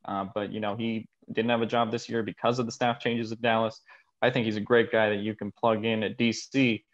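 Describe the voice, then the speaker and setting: A man's voice: fairly low pitch, flat delivery, a little fast, highs cut off. A man answering hesitantly as a podcast guest, with many fillers.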